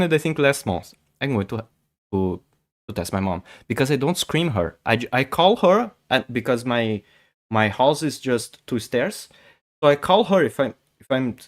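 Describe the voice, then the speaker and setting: Very animated at normal speed, this mid-range voice belongs to a Portuguese speaker hanging out with viewers on a chess stream. His livestream chat is casual and full of stammers and repeated words.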